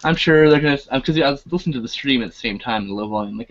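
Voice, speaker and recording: A man's voice: medium pitch, racing, hardly any pauses, dull audio. Crude, swearing man co-hosting a stream. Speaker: co-host. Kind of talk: casual live-stream chat.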